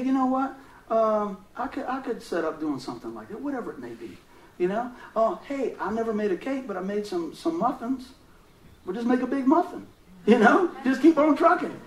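A man's voice: high voice, reverberant, recorded from a distance, poor audio. A man preaching a casual, folksy sermon, telling stories and laughing often.

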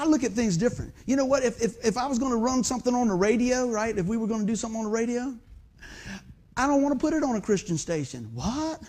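High, lively-voiced male preacher. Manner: animated folksy preaching with rhetorical questions. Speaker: pastor. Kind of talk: sermon.

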